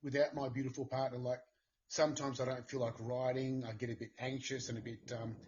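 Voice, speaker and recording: A man guest talking earnestly and haltingly about his writing. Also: mid-range voice, flat delivery, a little mellow, highs cut off. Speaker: guest author. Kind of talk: casual interview chat.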